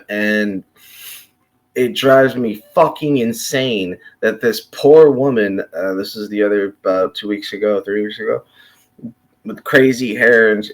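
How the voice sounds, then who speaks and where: A man from Chicago rants in an unscripted monologue, swearing freely and talking with blunt conviction. He speaks slowly and deliberately at a middling pitch. He often trips over his words and restarts his sentences as he pushes his point. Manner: profane, impassioned, blunt. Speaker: commentator.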